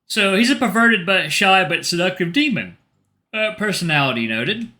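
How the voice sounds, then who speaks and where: A man's voice: high voice, lively intonation, moderate pace, bright, forceful tone. A man hosting a gaming channel, reading a visual novel aloud with casual, joking asides.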